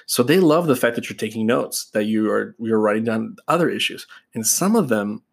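Gravelly low-voiced man teaching practitioners. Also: lively intonation, moderate pace. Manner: conversational, addresses listeners as "guys", acts out client exchanges. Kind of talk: casual instructional talk.

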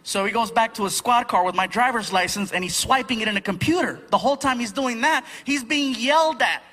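A man telling a stand-up story, loud and animated, acting out many voices. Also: very high voice, a little fast. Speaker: stand-up comedian. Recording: noisy live stand-up recording.

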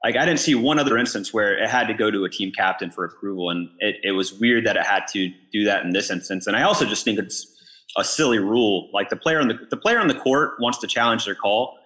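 Bright, forceful man telling a story. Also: lowish voice, fast. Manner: animated storytelling, repeats words as he goes. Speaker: pickleball pro and podcast co-host. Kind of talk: casual podcast chat.

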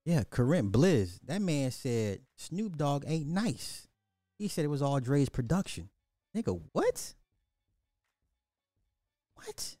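A middle-aged man hosting a livestream with a dark, mellow voice, recorded dry and close. He rants bluntly with profanity in casual commentary and hammers his points by repeating them. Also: fairly high pitch, lively intonation, a little slow, no echo. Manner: ranting, blunt and profane, repeats himself for emphasis. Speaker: livestream host.

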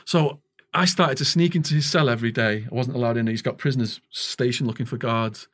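Picture a middle-aged English man as a podcast guest, spinning a long tale with real momentum. He jumps into the quoted lines of the people in his story. His voice sits at an ordinary pitch for a man. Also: a little fast. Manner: animated storyteller acting out quoted dialogue. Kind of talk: storytelling interview.

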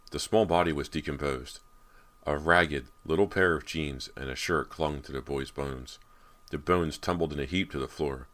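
A man narrates a horror book in an unusually deep, low voice. His reading is measured and steady, paced for suspense. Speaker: audiobook narrator. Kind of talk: scripted horror audiobook narration.

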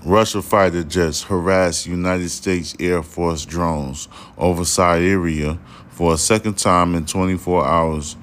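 A man hosting a podcast, ranting casually with heavy swearing and slightly slurred, tipsy speech. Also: low voice. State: slightly drunk. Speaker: podcast host. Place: studio room behind glass.

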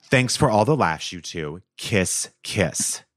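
A man's voice: fairly low pitch, animated, takes it slowly, dry recording, studio quality. A man co-hosting a podcast in casual chat, playful and theatrical as he reads listener reviews aloud. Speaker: podcast co-host.

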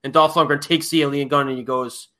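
A man's voice: medium pitch, steady tone, fast, heavy background noise. A man hosting a casual movie podcast, retelling film plots with enthusiastic, rambling energy. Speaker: podcast host.

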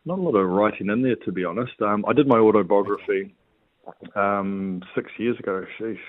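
A man's voice: on the low side, fairly quick, no echo. A man, a rugby player chatting as an interview guest, hesitant with many ums and restarts. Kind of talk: casual interview chat. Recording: tinny phone-line sound.

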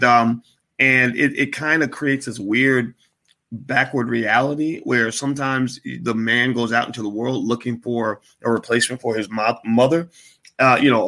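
Male host, bright timbre, chatty anecdotal monologue with animated voices and filler words. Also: medium pitch, moderate pace. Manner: storytelling with animated put-on voices and frequent fillers. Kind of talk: casual late-night monologue.

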